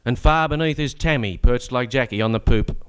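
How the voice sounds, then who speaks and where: Australian male performer, smooth clear voice, rollicking rhyming recitation of comic verse on a live stage. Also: mid-range voice, moderate pace. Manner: rollicking, rhythmic rhyming delivery. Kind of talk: comic bush-ballad recitation.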